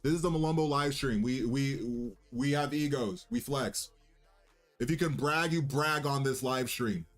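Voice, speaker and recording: A man's voice: mid-range voice, unhurried. Young male streamer, casual cocky banter, rambling, faint music behind. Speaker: livestream host and musician. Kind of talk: casual livestream chat.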